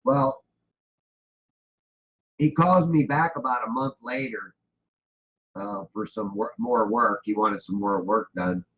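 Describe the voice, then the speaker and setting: A man's voice: on the low side, takes it slowly, pauses often, fairly bright tone. Rambling man on a dull, lo-fi line. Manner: rambling, with frequent restarts and fillers. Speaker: guest telling a story. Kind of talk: casual storytelling. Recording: dull lo-fi audio with faint noise.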